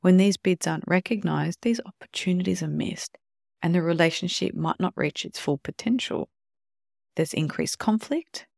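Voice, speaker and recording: A podcast host talking calmly on their own about relationships and now and then acting out short quoted examples. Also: mid-range voice, normal speed, gravelly, no echo, clean studio sound. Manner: calm explanatory, acts out short quoted examples. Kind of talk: solo podcast talk on relationships.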